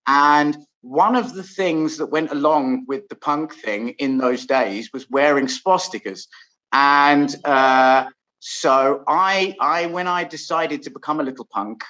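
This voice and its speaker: An English man hosting a casual chat, telling stories in a lively way and laughing often. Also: fairly high pitch, slow. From England. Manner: lively storytelling with frequent laughs. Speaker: host. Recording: dull lo-fi sound.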